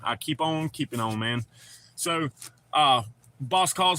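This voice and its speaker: A man's voice: fairly high pitch, expressive, normal speed, pushed and bright. A man hosting a casual livestream, chatting loosely and greeting viewers by name. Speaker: livestream host. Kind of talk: casual live chat reading comments.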